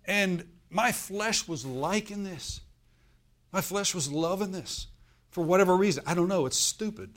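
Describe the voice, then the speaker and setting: A man's voice: sits high, a little slow. A middle-aged man preaching a sermon as pastor, in a conversational way, putting rhetorical questions to his congregation.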